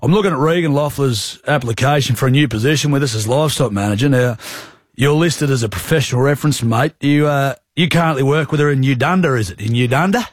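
A man's voice: mid-range voice, fast talker, no echo, close to an everyday voice. A man playing a blunt, blokey country stock agent on a prank phone call, with a broad rural Australian accent. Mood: gruff. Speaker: prank caller.

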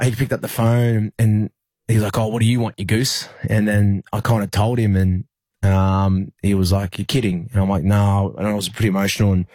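Australian man, very low voice, husky, rambling with restarts, dry close sound. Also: darkish tone, no echo. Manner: rambling, many fillers and restarts. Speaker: rugby league player, interview guest. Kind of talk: emotional personal recollection in an interview.

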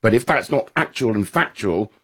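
Man, husky voice, animated joking storyteller, casual radio chat. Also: on the low side, moderate pace. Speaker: comedian guest.

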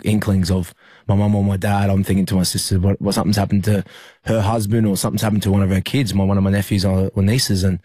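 Aussie footy player, young bloke, low husky voice, stops and restarts a lot, dry sound. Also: male voice, warm tone, no room sound. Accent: Australian. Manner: halting and earnest, with many fillers and restarts. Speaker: rugby league player. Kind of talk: interview storytelling.

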